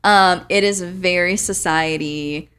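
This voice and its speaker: A woman's voice: on the low side, fairly even intonation, slow pace, fairly bright tone, a little hiss or hum. A woman co-hosting a movie podcast, chatting casually, laughing often and swearing freely. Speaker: podcast co-host. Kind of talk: casual movie review chat.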